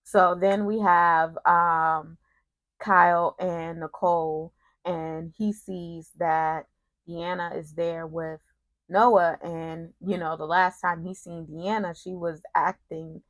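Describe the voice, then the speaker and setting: A woman casually recapping a soap opera episode in an animated, sassy way, with slang and quick asides. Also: fairly low pitch, no room sound.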